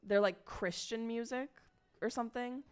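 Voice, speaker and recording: A woman's voice: a little high, moderate pace, crowd noise. A young woman streaming, chatting casually and rambling to her viewers, swearing freely along the way.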